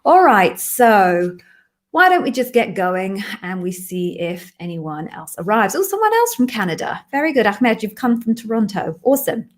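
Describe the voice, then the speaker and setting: A middle-aged woman hosts a live Q&A stream as an interview coach. She talks in a chatty, friendly way and often slips in quick apologetic asides. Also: mid-range voice, very animated.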